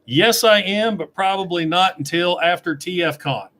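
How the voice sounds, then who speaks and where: A high, sharp-toned male voice at an ordinary pace belongs to a middle-aged toy reviewer. On a casual livestream, he reads out viewer questions and responds from his desk webcam.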